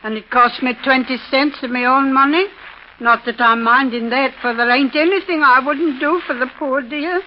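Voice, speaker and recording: A woman's voice: high voice, moderate pace, a little hiss or hum, close to an everyday voice. An actress playing a chatty, rambling landlady in a 1930s radio drama. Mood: gossipy. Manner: rambling, gossipy storyteller. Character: chatty Irish landlady, fussing and loyal. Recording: dull lo-fi 1930s radio recording.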